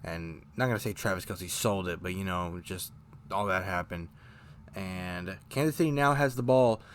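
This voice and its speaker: A man with a slightly low voice talks through a football game play by play, casual and rambling, often stopping to correct himself. He gets worked up and frustrated over the bad calls. A faint hiss sits under the recording. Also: normal speed. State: choking up, briefly coughing. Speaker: fan show host. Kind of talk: casual sports recap.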